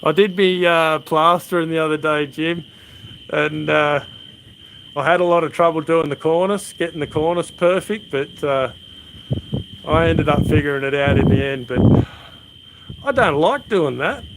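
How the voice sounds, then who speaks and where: A middle-aged Australian livestream host sits outdoors at night, chatting with viewers and wandering from story to story in a friendly, laid-back manner. His voice is a little high and moves at a moderate pace. The audio is very noisy, with chirping crickets and insects behind him.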